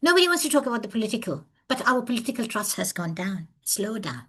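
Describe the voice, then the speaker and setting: A woman's voice: fairly high pitch, fast talker, breathy edge. Earnest woman giving a webinar talk. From from overseas, living in South Africa. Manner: earnest, emphatic, animated storytelling. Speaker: webinar presenter. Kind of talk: lecture.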